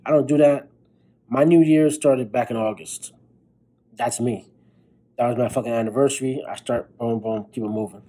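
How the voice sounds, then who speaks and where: Young male podcast host, husky and mellow, tired late-night swearing pep talk. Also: mid-range voice, steady tone, moderate pace, low-quality recording. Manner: blunt, profane, fired-up pep talk. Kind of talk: motivational monologue.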